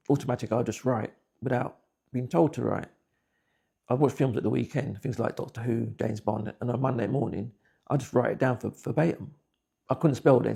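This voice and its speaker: A man's voice: medium pitch, gravelly, dark tone, slightly rough. A man, giving blunt, plain-spoken personal testimony. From England. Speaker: interviewee.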